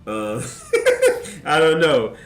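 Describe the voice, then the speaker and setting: A man's voice: fairly high pitch, sing-song, drawn-out words. A man streaming, telling a rambling, profane story in a casual way and laughing often. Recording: echoey room with background music.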